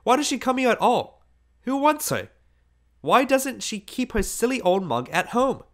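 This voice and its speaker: A man's voice: medium pitch, animated, takes it slowly, pushed and bright. A man reading aloud voices a scornful, rude young man in a sneering, raised voice.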